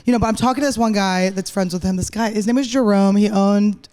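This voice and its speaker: A woman in her thirties from Philadelphia, a comedian guest telling stories on a podcast in a quick, joking way and acting out the people she quotes. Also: medium pitch, fairly even intonation, a little mellow. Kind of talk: casual podcast storytelling.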